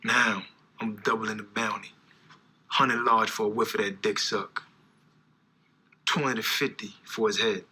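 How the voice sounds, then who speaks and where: An actor playing a cold, ruthless young drug kingpin in a TV crime drama, talking flat and commanding. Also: male voice, lowish voice, unhurried, long pauses, husky, heavily acted. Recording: film clip with faint background noise.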